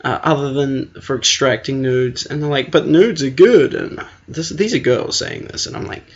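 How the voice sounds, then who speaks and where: A young man, a podcast co-host, goes on a crude comedic rant, profanely mocking himself as he tells a story. His medium-pitched, fairly bright voice keeps a fairly even intonation at normal speed. The recording is dull and lo-fi.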